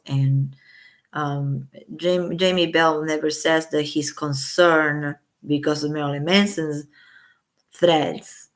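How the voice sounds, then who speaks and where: A woman's voice: deep voice, steady tone, takes it slowly. A woman with children chatting casually on a livestream, giving blunt opinions and swearing freely. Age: adult with children. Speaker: livestream host.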